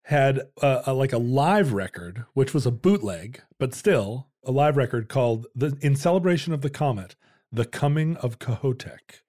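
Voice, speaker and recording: Man, rock musician, casual chat, easy laughter, loose and unhurried, mid-range voice. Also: medium pitch. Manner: relaxed, laughs easily, trails off with fillers. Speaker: musician and co-host.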